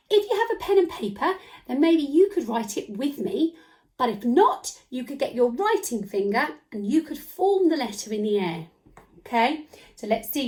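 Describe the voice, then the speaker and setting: A woman leads a children's phonics lesson from home, her voice swinging high and low as she coaxes young viewers along. She sits a little high in pitch and sounds encouraging and animated throughout. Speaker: phonics teacher.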